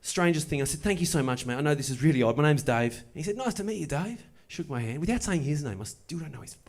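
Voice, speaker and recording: A man doing stand-up, telling a story with wry, deadpan delivery and playful asides. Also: a little high, quick pace. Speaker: stand-up comedian. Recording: live show with audible noise. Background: audience laughter.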